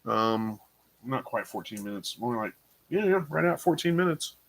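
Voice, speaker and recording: A man's voice: mid-range voice, expressive, moderate pace, vocal fry. A tired man hosting a casual livestream, reading viewer comments and rambling through his answers with plenty of fillers. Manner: rambling, unsure, thinking aloud with fillers. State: tired, yawning. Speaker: livestream host.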